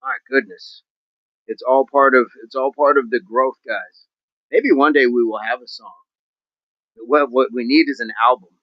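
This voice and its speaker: A man's voice: medium pitch, normal speed, no echo, lo-fi sound. A man hosting a fitness livestream, chatting to his viewers in an upbeat, rambling, jokey way. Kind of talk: casual livestream chat to viewers.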